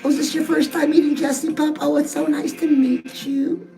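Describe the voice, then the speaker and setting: Sassy high-voiced female dating coach, chatty advice over a music bed. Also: level tone, normal speed, gravelly, mellow, low-quality recording. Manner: chatty, sassy, calls listeners "girls". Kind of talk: direct-address advice talk. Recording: music playing behind the voice.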